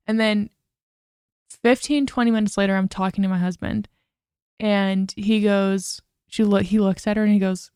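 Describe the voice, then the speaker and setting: A woman's voice: medium pitch, steady tone, moderate pace, dark tone, clear, resonant tone, dry recording, studio quality. A young woman hosting a casual solo podcast, chatty and full of "like" and "literally". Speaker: podcast host.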